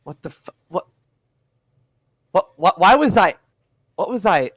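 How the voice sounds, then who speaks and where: A captured male crook in a tabletop game, cagey and evasive, voiced by a man running the game. He hesitates and restarts his sentences while talking slowly and deliberately. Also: medium pitch, fairly bright tone, no echo. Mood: dazed.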